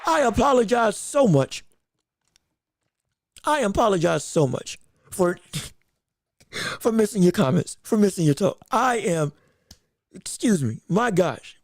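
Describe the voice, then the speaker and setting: Woman host, high-ish voice, dry close sound, rambling and opinionated live sports talk. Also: sing-song, moderate pace, husky, dry recording. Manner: rambling, repeats herself, greets chat viewers; emphatic and opinionated. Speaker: podcast host. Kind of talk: live-streamed sports commentary.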